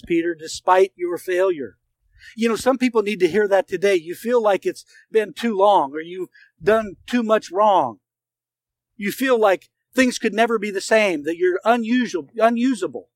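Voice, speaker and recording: A male pastor preaching a sermon, retelling scripture stories earnestly with dramatic pauses. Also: high-pitched, no room sound, rough recording.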